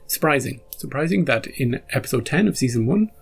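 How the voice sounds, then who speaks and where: A man talks through his thoughts in a loose, rambling way, restarting sentences as a reaction host. His voice is gravelly and a little husky, with faint music in the background. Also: mid-range voice, lively intonation, fast talker, few pauses. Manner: rambling, self-interrupting, chuckles often. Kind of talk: casual after-episode musing.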